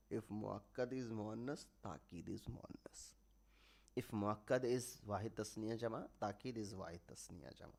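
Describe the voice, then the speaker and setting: Slow, patient male grammar teacher. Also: mid-range voice. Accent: South Asian English. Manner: slow, explanatory, repeats terms for emphasis. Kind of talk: online grammar lecture.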